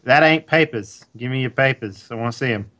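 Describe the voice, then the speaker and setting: A man playing a tabletop game in character as a guard, gruff and blunt. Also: medium pitch, a little fast, fairly bright tone. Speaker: player. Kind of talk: in-character tabletop role-play.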